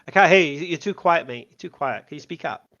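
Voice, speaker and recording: A man with a high, bright, forceful voice, hosting a livestream and ribbing his callers with playful jabs and sudden loud bursts. The stream audio sounds a little dull and lo-fi. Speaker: livestream debate show host. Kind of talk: casual, joking livestream banter.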